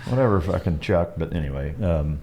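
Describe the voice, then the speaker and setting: A man's voice: sits low, fairly quick, dark tone. A man hosting a podcast interview, talking bluntly with lots of swearing and dry humor. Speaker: podcast host. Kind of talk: casual profane interview chat.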